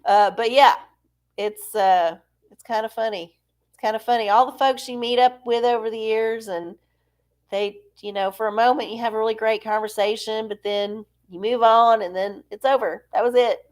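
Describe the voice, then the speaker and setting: A woman's voice: a little high, steady tone, normal speed. A woman hosting a live stream, rambling and self-deprecating in casual chat with her viewers. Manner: rambling, chatty, self-deprecating, frequent laughs. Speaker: livestream host.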